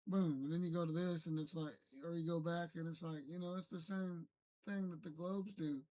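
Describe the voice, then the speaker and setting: Solo streamer, male, fairly high voice, rambling and argumentative, restarts his sentences. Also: little pitch movement, normal speed, dark tone. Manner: rambling, self-correcting, argumentative. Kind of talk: unscripted solo rant to camera.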